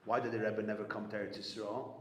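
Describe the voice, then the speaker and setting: Animated male storyteller in an echoey hall. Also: fairly low pitch, fast. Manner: animated storyteller, repeats phrases, acts out quotes. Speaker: rabbi speaking at a gathering. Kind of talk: storytelling talk to an audience. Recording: echoey hall with long reverb, faint room noise.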